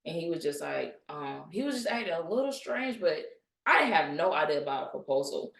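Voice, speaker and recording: A woman's voice: low-pitched, big pitch swings, fairly quick, gravelly, a bit bright, far from the mic. A young woman chatting casually as a podcast guest, telling a story with animation and acting out the voices of the people she quotes. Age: young adult. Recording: echoey room, a bit off-mic.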